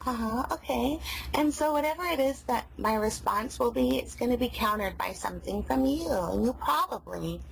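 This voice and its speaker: A woman's voice: fairly high pitch, lively intonation, normal speed, vocal fry, slight background noise. A woman making a prank phone call, speaking in a falsely patient, sarcastic way. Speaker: prank caller.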